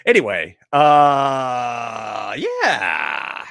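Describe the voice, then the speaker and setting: A man co-hosting a writing podcast, talking in a loose, animated way with frequent laughter and swearing. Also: medium pitch, drawn-out words, vocal fry, dry recording, studio quality. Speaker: podcast co-host; writer. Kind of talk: casual chat.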